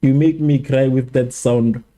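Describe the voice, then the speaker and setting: A South African man hosts a live football watchalong, chatting casually and animatedly with viewers as he comments on the match. His medium-pitched voice moves a little slowly, and he repeats himself and jokes with the chat.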